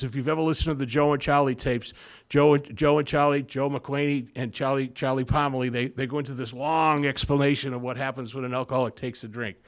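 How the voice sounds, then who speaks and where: At a recovery meeting, a man shares his personal story with the group, voicing both sides of the conversations he remembers. His voice sits at a medium pitch with fairly even intonation, and he talks fast.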